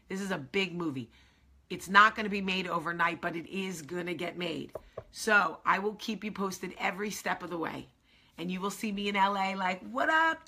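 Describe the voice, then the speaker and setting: A middle-aged woman hosting her own vlog, telling a story in an excited, rambling way with many asides. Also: on the low side, gravelly, husky. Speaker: vlog host. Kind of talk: casual chat to camera.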